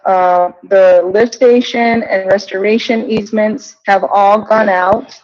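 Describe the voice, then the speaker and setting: A woman giving a project update at a village council meeting, halting, with many ums and restarts. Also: mid-range voice, darkish tone. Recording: dull lo-fi meeting audio.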